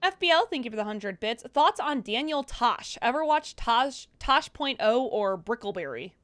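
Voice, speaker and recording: A woman's voice: fairly high pitch, animated, normal speed, a bit bright. A woman co-hosting a stream, reading viewer questions and thanks aloud and tripping over words now and then. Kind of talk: reading chat messages aloud.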